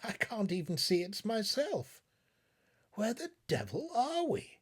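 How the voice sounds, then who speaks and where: Male reader playing a bewildered young scientist, high, husky, panicky, audiobook. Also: wildly swooping pitch, slow, exaggerated voice. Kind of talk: audiobook reading.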